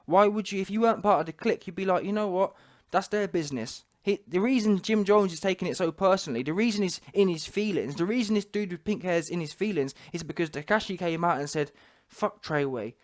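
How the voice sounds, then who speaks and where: Emphatic man, high voice. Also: quick pace, hardly any pauses. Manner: emphatic, repeats rhetorical questions. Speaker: commentary channel host. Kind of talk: talking-head commentary.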